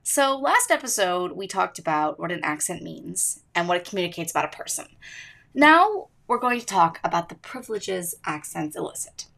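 A teenage girl hosting a podcast and reading her script with earnest emphasis. Her voice sits fairly low and swings widely in pitch, with a gravelly edge. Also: very animated, moderate pace, a bit bright. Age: teens. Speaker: student podcast host.

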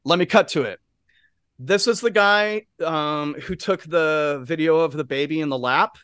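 A male podcast co-host telling a rambling, lively anecdote in casual chat, full of asides and swearing, on a studio mic. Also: a little high, measured pace, smooth, dry recording.

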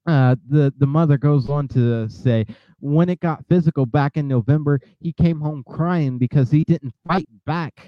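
Fired-up guy ranting on his show, lots of uhs and restarts, kinda high voice, dull dry lo-fi sound. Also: no echo. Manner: angry, preachy, many filler uhs and restarts. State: outraged. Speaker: commentary show host. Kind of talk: impassioned commentary.

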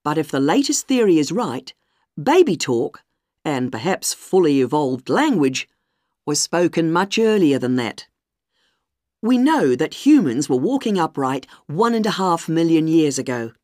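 A narrator reading a scripted lecture in a calm, explanatory way. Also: mid-range voice, unhurried, dry recording, studio quality.

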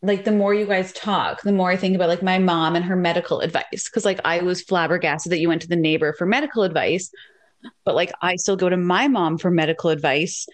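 A young woman co-hosting a casual chat, telling animated stories and acting out quoted lines. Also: on the low side, fairly quick. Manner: animated, says "like" often, acts out quotes.

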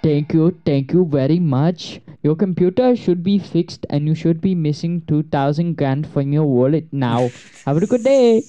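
A man's voice: fairly high pitch, expressive, normal speed, dark tone, soft background music, natural voice. A man voicing a male scam tech-support caller, talking in an overly polite, scripted patter. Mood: fake-polite. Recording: dull lo-fi recording.

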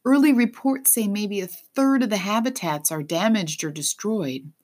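A woman's voice: medium pitch, normal speed, darkish tone, voice pushed up, lightly acted. A woman voicing a harried female zookeeper in an audiobook, tired and matter-of-fact. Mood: weary.

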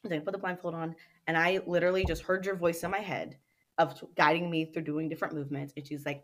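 A woman's voice: low voice, flat delivery, fast. A young adult woman, a dance company owner and interview guest, telling stories animatedly, acting out quotes and laughing often. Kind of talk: casual interview chat.

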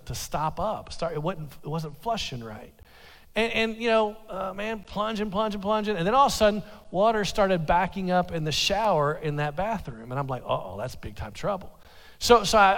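Brief: male pastor, high voice, lively storyteller who stumbles and restarts, long church echo. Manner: animated storytelling, stammering restarts. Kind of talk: sermon with personal story. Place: church sanctuary. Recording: long hall reverb.

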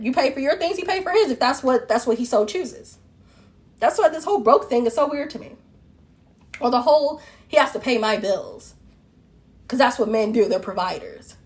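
A woman with a fairly high voice holds forth in a casual monologue, firing off rhetorical questions. She is blunt and opinionated and talks straight to the listener. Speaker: relationship commentator.

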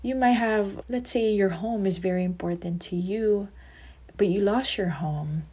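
A woman's voice: mid-range voice, measured pace, a little mellow, husky. A woman from the Philippines, hosting a podcast as a psychotherapist in a conversational, therapist-like manner. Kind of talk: podcast monologue.

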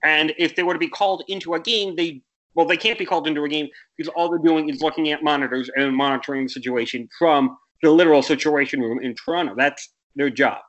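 A man's voice: fairly high pitch, quick pace, fairly bright tone, dull audio. A young American man co-hosting a casual sports podcast, rambling and correcting himself, with exasperated rants. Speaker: podcast co-host.

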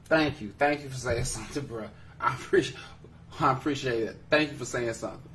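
A man's voice: mid-range voice, brisk, fairly bright tone, recorded from a distance, slight background noise. A man hosting a podcast in casual chat, joking and laughing often as he teases his co-hosts. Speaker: podcast host.

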